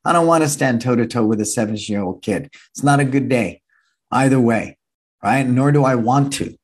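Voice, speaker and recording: A man in his sixties, a martial arts school owner, gives an energetic motivational seminar talk, repeating key phrases and acting out quoted voices. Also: mid-range voice, moderate pace, husky. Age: 60s.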